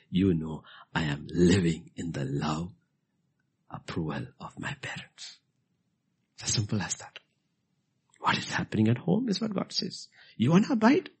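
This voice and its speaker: A middle-aged man preaching a sermon, repeating key phrases and swinging from hushed whispers to loud emphatic bursts. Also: sits low, slightly rough.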